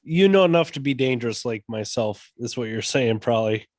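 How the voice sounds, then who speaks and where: Brief: casual male podcast host, animated pitch, dry sound. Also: a little fast, no room sound. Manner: laid-back, swears casually. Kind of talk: casual conversation.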